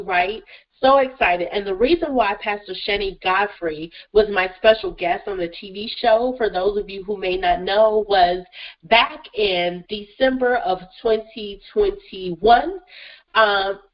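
This woman speaks at medium pitch, with the highs cut off in the recording. A therapist and motivational speaker, she delivers an upbeat monologue on her own radio show. Her voice is a bit congested from a cold, but she stays effusive and enthusiastic, often repeating "listen" and "guys."

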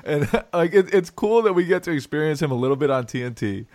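A man's voice: fairly high pitch, expressive, quick pace, darkish tone, no room sound. A man hosting a casual sports podcast, laughing often and restarting his sentences. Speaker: podcast host.

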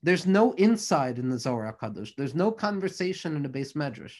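A man's voice: a little high, big pitch swings, brisk, a little mellow. Fervent male Torah teacher, rhythmic lists. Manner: rhythmic, repeating phrases in building lists. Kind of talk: impassioned Torah lecture.

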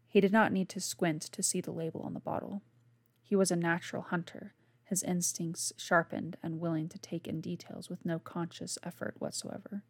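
A woman reading her own novel aloud in a soft, hushed narration. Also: lowish voice, flat delivery, moderate pace, no room sound. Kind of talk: scripted narration.

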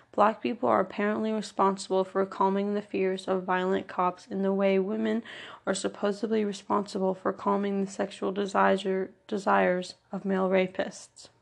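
A woman reading a first-person memoir aloud in an earnest, measured way, leaning on each item in a list. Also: medium pitch, vocal fry. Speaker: audiobook narrator.

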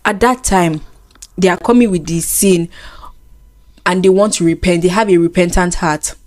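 A woman's voice: on the low side, darkish tone. A woman co-hosting a casual faith chat, earnest and teasing. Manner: earnest, teasing, quick laughs. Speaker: co-host.

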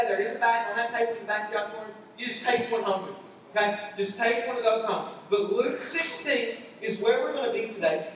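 A man's voice: high-pitched, slight background noise. A man preaching a sermon as a pastor, talking conversationally and repeating his points for emphasis, in a large church auditorium. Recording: echoey hall, heard from far off.

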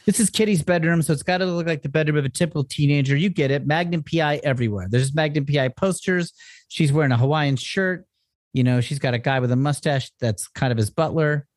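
A man's voice: on the high side, quick pace, dry recording, studio quality. A man co-hosting a podcast, recapping comics casually with a wry, joking manner. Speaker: podcast co-host.

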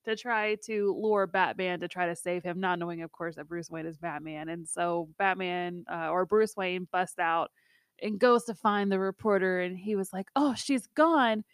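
A woman's voice: lowish voice, fairly even intonation, normal speed, smooth, no room sound, studio quality. A woman co-hosting a podcast in casual chat, talking with lots of fillers and laughing often. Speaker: podcast co-host.

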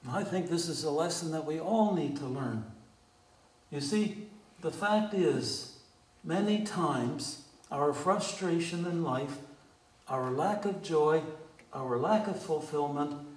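A man preaching a sermon deliberately, asking his congregation questions. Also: a little high, animated, reverberant, far from the mic, low-quality recording. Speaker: pastor.

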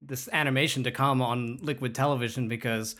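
A middle-aged man from the Philippines, co-hosting a podcast in relaxed, casual chat. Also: mid-range voice, brisk. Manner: relaxed, uses fillers. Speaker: podcast co-host.

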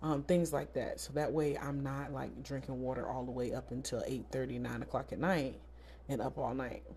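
A woman's voice: very deep voice, fairly even intonation, normal speed, a little mellow, a little hiss or hum. A woman in her thirties from South Florida, hosting a casual solo podcast in a candid, chatty, emphatic way. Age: 30s. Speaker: podcast host.

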